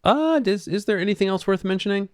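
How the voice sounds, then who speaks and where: A man's voice: sits high, animated, quick pace, darkish tone, dry recording, studio quality. A man co-hosting a movie podcast, chatting casually in long, rambling stretches. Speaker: podcast co-host. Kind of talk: casual chat.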